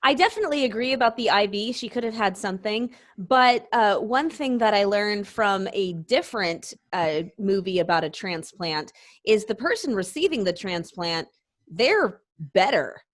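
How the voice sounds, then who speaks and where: A woman's voice: medium pitch, expressive, normal speed. A woman chatting casually as a guest on a movie podcast, laughing often as she retells scenes. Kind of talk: casual chat.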